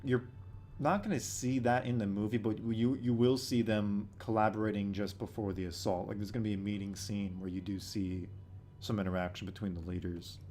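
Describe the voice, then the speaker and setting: A man talks casually on a livestream, low in pitch and blunt in manner, cursing without a second thought. Faint background noise sits under his voice. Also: fairly even intonation, brisk, darkish tone. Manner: blunt, swears freely, answers questions. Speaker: animator hosting a livestream.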